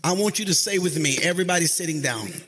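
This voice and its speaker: A pastor preaching a sermon to his congregation, leading call-and-response and drifting into sung, chanted phrases that rise into high shouts. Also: animated, fast talker, slightly rough. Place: church sanctuary.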